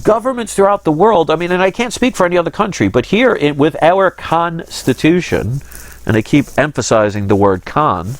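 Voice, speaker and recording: A man's voice: a little high, expressive, brisk, hardly any pauses, dry recording. A man hosting his own channel, talking in a casual monologue that is earnest, rambling and frustrated. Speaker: channel host.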